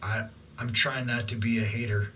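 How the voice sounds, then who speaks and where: A man's voice: medium pitch, steady tone, moderate pace, pushed and bright, recorded from a distance, rough recording. Blunt, profane middle-aged man ranting. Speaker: vlogger. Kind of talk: profane ranting monologue to camera. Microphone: camera.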